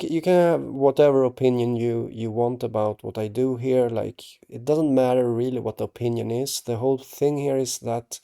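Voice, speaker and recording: A man hosting his own channel, talking to camera in a halting, earnest way, restarting his sentences and checking in with tag questions. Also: medium pitch, gravelly, warm tone. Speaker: artist and channel host. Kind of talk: casual talk to camera.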